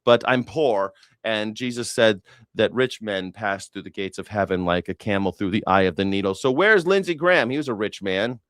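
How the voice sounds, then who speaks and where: A man hosting a news reaction stream who rambles, swears freely and mocks the news with sarcasm. His voice is smooth and clear. It is recorded close and dry, with no room sound. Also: on the low side, animated, moderate pace, fairly bright tone, no echo. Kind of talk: casual livestream commentary.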